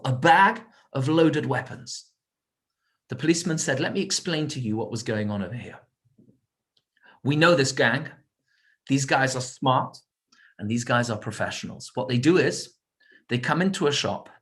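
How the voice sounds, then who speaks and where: A man giving a storytelling sermon to a community, acting out the dialogue with animated, dramatic delivery. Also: on the high side. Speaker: community speaker.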